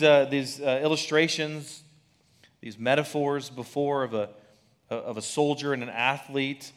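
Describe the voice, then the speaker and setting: Man, pastor, sermon, casual teaching tone, mid-pitched voice, frequent "right?". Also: a bit bright. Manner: conversational, asks "right?" often, with restarts. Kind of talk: expository sermon.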